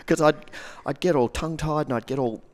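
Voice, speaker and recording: A man's voice: on the high side, moderate pace. A man, a coach and speaker, talking casually on a podcast. He swears freely and acts out the reactions he describes.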